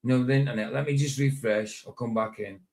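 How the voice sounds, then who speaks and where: A man's voice: mid-range voice, steady tone, fast talker, gravelly, a little mellow. Rambling, chuckling male streamer. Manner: rambling, chuckling, talks to himself. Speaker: live stream host. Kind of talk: casual live-stream chat.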